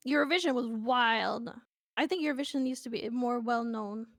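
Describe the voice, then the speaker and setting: A woman's voice: a little high, moderate pace, no room sound, clean studio sound. A woman from Sweden with a Swedish accent, chatting playfully and casually with stream viewers over a voice call. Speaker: guest on a stream.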